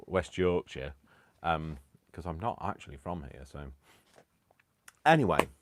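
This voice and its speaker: A man's voice: low voice, no echo, studio quality. A man hosting a craft live stream from home, chatting casually with self-mocking, rambling asides. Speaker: craft channel host. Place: home, indoors.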